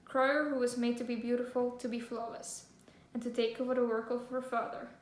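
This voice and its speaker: A woman's voice: fairly high pitch, level tone, a little fast. A young woman vlogging a book haul, gushing and giggly with lots of fillers, and reading back-cover blurbs aloud. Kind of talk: casual book haul chat with read-aloud synopses. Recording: echoey room, faint ambience.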